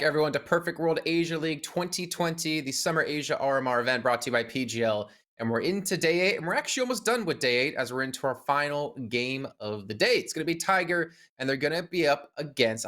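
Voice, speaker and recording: A man's voice: medium pitch, fairly bright tone. A man hosting an esports analysis desk, joking and teasing his co-casters in casual panel banter. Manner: joking, self-deprecating.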